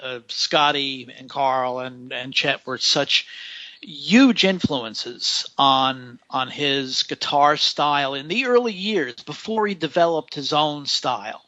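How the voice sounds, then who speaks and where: Co-host guy talking real slow, bright tense voice, dull lo-fi line. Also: mid-range voice, no echo. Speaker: podcast co-host. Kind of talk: casual podcast chat.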